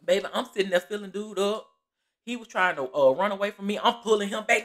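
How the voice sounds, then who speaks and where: A woman telling a story in a casual vlog, lively and laughing, acting out the people in it and calling listeners baby. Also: mid-range voice, brisk. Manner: animated, laughing often, acting out quoted voices; Southern Black American vernacular, calls listeners baby.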